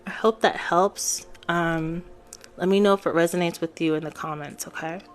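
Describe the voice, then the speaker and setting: A woman's voice: lowish voice, fairly even intonation, moderate pace, faint music behind. A woman giving a live-stream tarot reading, chatting casually and talking straight to her viewers. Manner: chatty, addresses viewers directly. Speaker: tarot reader. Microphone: phone on a live stream.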